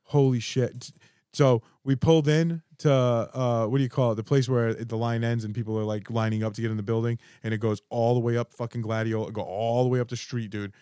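A man co-hosting a radio show, ranting and telling stories in excited, heavily profane casual talk. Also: medium pitch, brisk, smooth, no room sound, clean studio sound. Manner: excitable ranting storyteller, heavy swearing.

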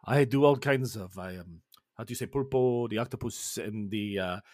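A man's voice: lowish voice, darkish tone, no echo, pitched below the performer's own voice, natural voice. Guy doing flamboyant ship's chef, effusive, fumbles words, dry room. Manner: effusive, halting, searching for words.

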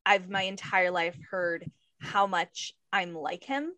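A woman's voice: fairly low pitch, slow pace, bright, forceful tone, dry recording. Effusive woman hosting a podcast, dry sound. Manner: effusive, enthusiastic. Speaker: podcast host. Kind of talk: casual interview chat.

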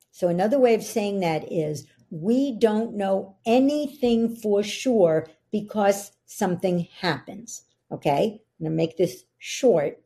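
A woman's voice: mid-range voice, dark tone, husky. A middle-aged woman, a podcast guest, explaining ideas in an earnest coaching tone. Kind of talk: interview conversation.

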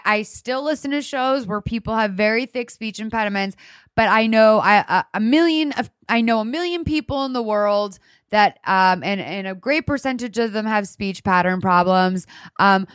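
A woman's voice: medium pitch, fairly bright tone, clean tone, no room sound, clean studio sound. A woman from Massachusetts hosting a radio show, chatting casually in an outspoken, rambling way with many restarts. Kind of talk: casual chat.

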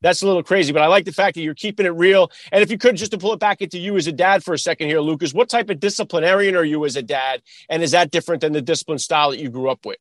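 A man with a Northeastern American accent hosting a podcast, asking eager questions with quick restarts. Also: a little high, no echo, clean studio sound. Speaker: podcast host. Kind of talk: interview, casual talk.

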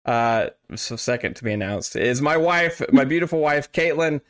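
A man's voice: mid-range voice, animated, moderate pace, few pauses. A man hosting a podcast, chatting casually and joking, with lots of fillers. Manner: playful, joking, many fillers. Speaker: podcast host. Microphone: online call setup.

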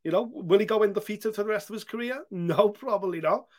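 British male podcast co-host, higher voice, lively and sweary banter. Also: fast. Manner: animated, swears freely, acts out quotes. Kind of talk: casual podcast chat.

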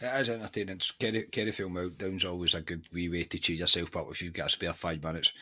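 Animated Scottish podcast host. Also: male voice, deep voice, fast talker. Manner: animated, exasperated opinions with frequent restarts. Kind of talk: casual podcast chat.

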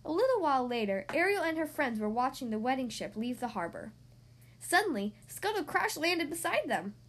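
Woman storybook narrator, high-pitched, steady read-aloud with occasional slips. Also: normal speed. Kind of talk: storybook reading.

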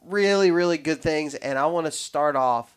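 A man's voice: fairly high pitch, moderate pace, slight background noise. Man, podcast host, rambling, lots of restarts, casual chat. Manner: rambling, restarts often, animated when telling stories.

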